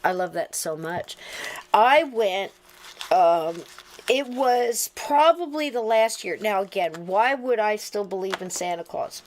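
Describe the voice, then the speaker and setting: A middle-aged woman hosting a podcast, telling stories in a casual, animated way and laughing through them. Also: mid-range voice, moderate pace. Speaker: podcast host. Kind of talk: casual storytelling chat.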